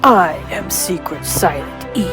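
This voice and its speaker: Woman putting on a heroic superhero letter, grand and proclaiming, slow, lower voice, music behind. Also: lively intonation.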